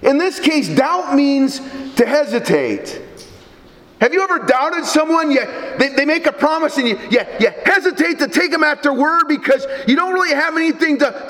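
A man preaching a sermon as pastor, animated, with frequent stammered restarts. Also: very high voice, moderate pace. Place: church. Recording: echoey church hall.

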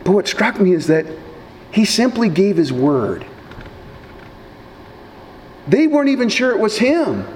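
A man's voice: high voice, very animated, a little slow, pauses often, darkish tone. A man preaching a sermon in a conversational, folksy way with casual asides. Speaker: pastor. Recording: long hall reverb, faint background noise.

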